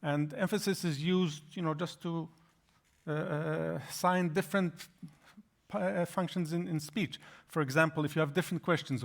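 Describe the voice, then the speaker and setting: Halting male lecturer explaining slides. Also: on the high side, steady tone, gravelly. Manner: explanatory, halting with frequent restarts. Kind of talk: academic lecture.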